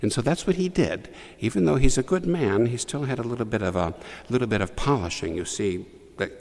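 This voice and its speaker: A man preaching a homily to children in a church, telling the story with lively asides to the young listeners. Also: fairly low pitch, in a large hall. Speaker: priest.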